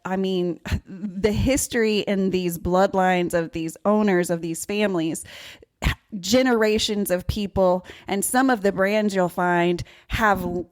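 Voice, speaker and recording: Laughing Southern woman podcast host. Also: medium pitch. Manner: laughs often, chatty and upbeat. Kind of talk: casual podcast chat.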